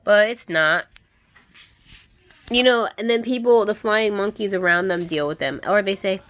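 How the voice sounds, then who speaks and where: A woman's voice: medium pitch, expressive, measured pace, long pauses, fairly bright tone. A woman vlogger giving an emphatic, candid monologue to camera. She often repeats herself and laughs now and then.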